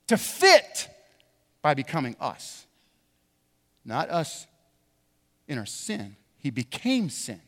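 High-voiced pastor preaching in a hall. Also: male voice. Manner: animated storyteller, preaching with rising emphasis. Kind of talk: sermon with a personal story. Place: church sanctuary.

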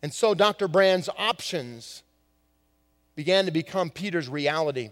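A man preaching a sermon as a pastor, swinging from hushed lines to emphatic ones. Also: fairly high pitch, expressive, measured pace, in a large hall. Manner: dramatic shifts from hushed to emphatic.

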